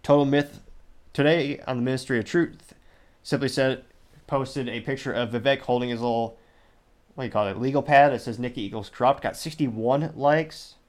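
A man's voice: mid-range voice, normal speed. A man hosting a podcast, reading viewer comments aloud in casual commentary with wry, incredulous asides. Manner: wry, incredulous, reads quotes in a flat listing way. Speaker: podcast host.

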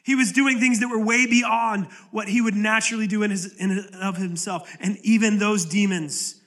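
A man preaching a sermon as pastor, passionate and dramatic, dropping to low, quiet lines for emphasis and acting out quoted pleas. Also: fairly even intonation, normal speed, hardly any pauses. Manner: impassioned preaching with sudden drops to low, quiet delivery; acts out quoted pleas with rising intensity. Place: church sanctuary.

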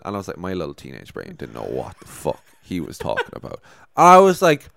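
A man's voice: deep voice, fast, vocal fry, dry recording, clean studio sound. A young man from Ireland telling stories on a casual podcast, swearing freely and acting out his own past reactions. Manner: animated storytelling, swears a lot, voices his past self. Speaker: podcast co-host.

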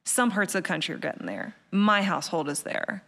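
A woman's voice: lowish voice, a little fast, creaky, a bit bright, long reverb tail. A woman in her thirties, a podcast guest talking casually and animatedly, laughing easily and peppering her speech with "like.". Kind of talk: casual interview chat.

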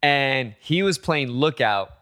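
Animated young man telling a story. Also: medium pitch, takes it slowly. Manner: animated, laughing, swearing, acts out quotes. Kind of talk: casual chat, storytelling.

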